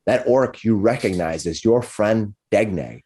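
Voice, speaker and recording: A man's voice: on the low side, expressive, mellow, slightly rough. A man narrating as dungeon master for a tabletop game, stopping and restarting often and laughing now and then. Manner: halting, restarts often, laughs between lines.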